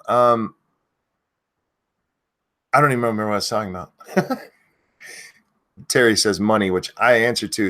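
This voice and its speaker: A man with a lowish voice hosts a live stream, chatting casually and swearing plenty. Every so often he yells out the names of viewers.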